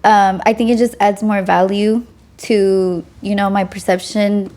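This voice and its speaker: A woman's voice: medium pitch, flat delivery, unhurried, dark tone. A woman hosting a podcast, chatting casually in an upbeat, appreciative way. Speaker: podcast host. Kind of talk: casual chat.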